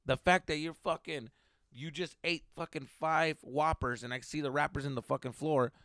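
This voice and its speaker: A man hosting a comedy podcast, ranting heatedly with constant swearing, swinging between loud outbursts and mutters. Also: on the high side, fairly even intonation, normal speed, no echo, clean studio sound. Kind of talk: profane comedic rant.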